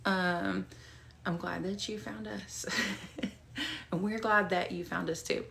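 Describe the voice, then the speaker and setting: A woman leads a Bible study from her home and shares her testimony. Her voice is lowish and full of gravelly fry. She talks in a chatty, rambling way with plenty of fillers. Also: fairly even intonation, slow, fairly bright tone, a little hiss or hum. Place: at home, with a cat nearby.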